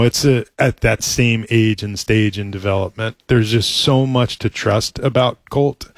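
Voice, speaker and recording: A middle-aged man speaks with a somewhat low voice in a relaxed interview, earnest and halting. He circles back through restarts and frequent "you know"s as he talks shop like a team executive. The sound is dry and close, with no room around it. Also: no echo. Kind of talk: casual interview talk.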